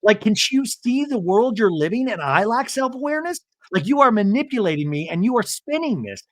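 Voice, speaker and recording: A man putting on an excitable reality-TV woman, squealing in over-the-top exclamations. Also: high-pitched, a little fast, dry recording, voice pushed up. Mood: aggrieved venting. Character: gushing excitable reality-TV woman, shrieking in disbelief.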